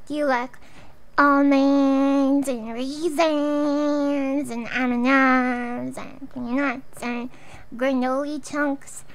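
A woman's voice: high-pitched, level tone, extremely slow, poor audio. A young woman streaming a game, chatting in a goofy, rambling way with frequent giggles. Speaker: vtuber streamer. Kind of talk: playful game-streaming chat.

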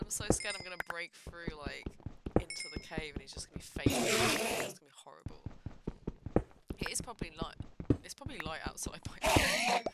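A young woman giving nervous, jumpy commentary while playing a video game at home, talking to herself and swearing. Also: on the low side. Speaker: gaming streamer. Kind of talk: casual gameplay commentary. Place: home room at a computer. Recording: loud background noise.

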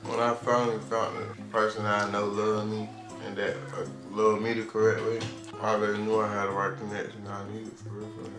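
A man's voice: lowish voice, completely flat delivery, fairly quick, hardly any pauses. Young man, slangy and joking, couple Q&A, roomy sound over background music. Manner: laid-back, slangy, joking. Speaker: vlogger's boyfriend. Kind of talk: casual couple Q&A chat. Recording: echoey room with music behind.

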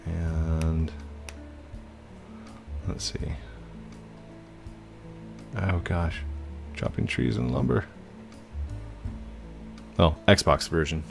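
A man's voice: extremely low pitch, very slow, creaky, pauses often, music in the background. A man hosting casual let's-play commentary at his home computer, chatting to viewers and narrating his own moves. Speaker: gaming channel host.

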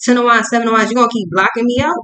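A young woman doing a casual tarot reading, profane and full of slang, acting out both sides in quick asides. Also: a little high, fairly even intonation, pushed and bright, rough recording. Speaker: tarot reader.

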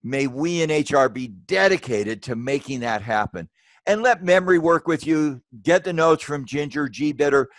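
A man's voice: moderate pace, dry recording. An older man speaks as a guest presenter on a webinar, earnest and emphatic. His voice leaps upward whenever he drives a point home. The sound is close and dry, with no room around it. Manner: emphatic, earnest, with sudden rises in pitch when stressing points. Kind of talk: presentation and discussion.

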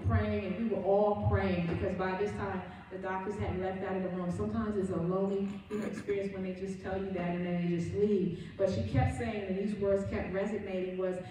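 Female minister, warm low-toned voice, earnest storytelling sermon, recorded from a distance in a church. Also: a little hiss or hum. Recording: very echoey room, voice from afar.

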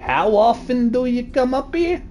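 A man voicing a crude teenage boy sidekick in a game, with a low, mumbled, deadpan delivery. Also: unhurried, slight background noise.

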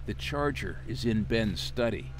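Calm night-shift guard. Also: male voice, lowish voice, a little slow, soft background music. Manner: calm and collected, dry remarks. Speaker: player character in a horror game.

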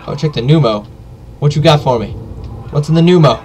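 A man giving joking live commentary while playing a game, yelping and shouting during fights. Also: a little high, a little fast, a little hiss or hum. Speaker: let's play gamer.

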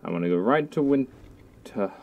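A man's voice: fairly low pitch, expressive, moderate pace, narrow, tinny audio. A young man giving casual, goofy, self-mocking let's play commentary. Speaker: gaming youtuber.

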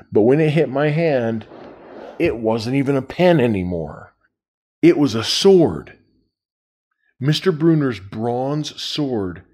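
A man's voice: mid-range voice, darkish tone, breathy edge. A man reading a novel aloud, telling it in the first person. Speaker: reader.

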